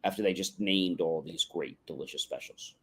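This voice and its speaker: A man's voice: low voice, moderate pace, fairly bright tone, breathy edge. A man hosting a motivational livestream, explaining things in an instructive way and often asking "right?" as he goes. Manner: instructive, contrasts yes-no questions with open ones; rhetorical, often adds "right?". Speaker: livestream host. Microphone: livestream microphone.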